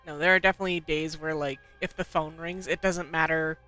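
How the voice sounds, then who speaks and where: A man with a bright, clear, high-set voice chats casually during a co-op game stream. He laughs often and swears freely. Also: steady tone, a little fast, faint music behind. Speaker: co-op gaming streamer. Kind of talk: casual chat while gaming.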